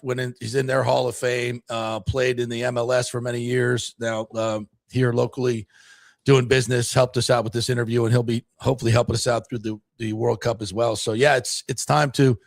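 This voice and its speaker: A man hosting a sports talk show, rambling through casual chat. His voice has a gravelly edge and sounds close and dry in the studio. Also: mid-range voice, no room sound. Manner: rambling, chatty, frequent fillers.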